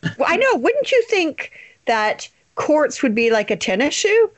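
A woman author chatting as a podcast guest, bubbly, laughing often and leaping up in pitch when excited. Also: unhurried, no echo. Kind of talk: casual interview chat.

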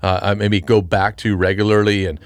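Earnest middle-aged man, lowish pitch, restarts often; casual faith talk, dry booth sound. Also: little pitch movement, no room sound. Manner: earnest, halting, with many restarts and fillers. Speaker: podcast co-host and Christian father. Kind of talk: casual Bible discussion.

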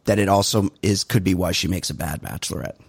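A man's voice: sits low, fast, creaky, slightly rough, dry recording. A man co-hosting a podcast, casually recapping a reality show, acting out quotes and swearing freely. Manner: animated storytelling, acts out quotes, swears freely. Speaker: podcast co-host. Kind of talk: casual chat.

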